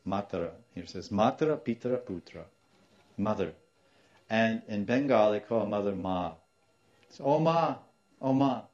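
Brief: male spiritual teacher, animated storyteller, lowish voice, muffled lo-fi tape. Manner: animated, acts out quoted voices, laughs now and then. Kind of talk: storytelling sermon.

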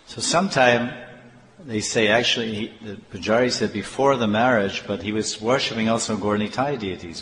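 A man telling devotional stories in an animated sermon, with halting restarts. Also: lowish voice, slight background noise. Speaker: devotional storyteller. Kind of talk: storytelling sermon. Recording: echoey hall, faint ambience.

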